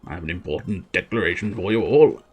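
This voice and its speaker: A man voicing a king who gives a solemn, halting speech with many fillers to his subjects in a game. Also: deep voice, darkish tone.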